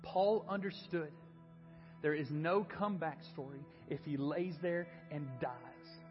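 A man's voice: a little high, a little slow, big-room sound, highs cut off, faint music behind. A man preaching a sermon in a church and sharing an earnest personal testimony. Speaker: pastor. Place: church sanctuary.

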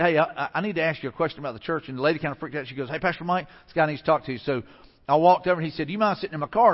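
A man's voice: on the high side, in a large hall, lo-fi sound. A man pastor delivering a conversational sermon, telling stories with frequent restarts. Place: church sanctuary.

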